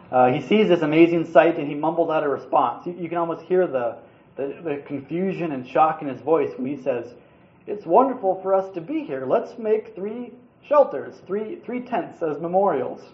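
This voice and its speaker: A man preaching a sermon in an earnest, conversational way, now and then restarting his words. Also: a little high. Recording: roomy, slightly dull sound.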